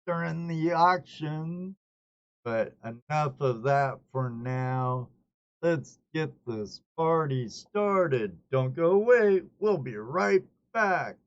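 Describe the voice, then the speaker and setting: Slow folksy male stream host. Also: on the high side, lively intonation, dull audio. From northern United States. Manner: folksy, chatty, self-joking. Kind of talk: casual live-stream chat. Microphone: video call.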